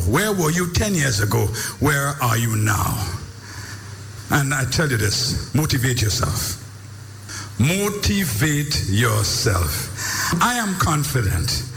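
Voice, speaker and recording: A man giving an emphatic, preacher-like motivational speech, swinging between booming lines and low ones. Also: a bit bright, echoey room, long reverb tail. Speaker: motivational speaker.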